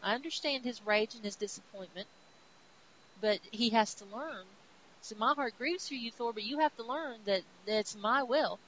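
A woman's voice: a little high, normal speed, a bit bright, natural voice. Woman doing a stern old god-king, bossy decrees, kinda casual, slight hiss. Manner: pronouncing decrees, then turning casual. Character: grand old male king of gods, stern. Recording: dull sound with faint hiss.

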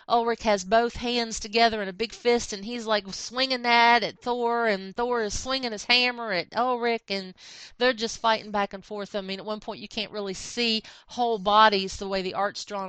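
A woman co-hosting a podcast, retelling a comic book story in animated storytelling. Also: medium pitch, clear, resonant tone, no echo, rough recording. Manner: animated storytelling, acting out characters. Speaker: podcast co-host. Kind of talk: casual comic book recap.

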